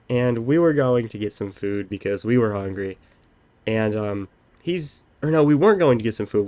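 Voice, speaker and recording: Young male podcast host, lower register, casual rambling storyteller. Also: a little mellow. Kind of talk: casual chat.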